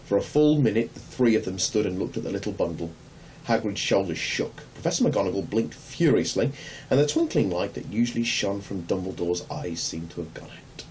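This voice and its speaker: A man reading a children's novel aloud in a measured, gentle storytelling manner. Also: lowish voice, expressive. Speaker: narrator. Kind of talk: audiobook reading. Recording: distant mic, faint hum.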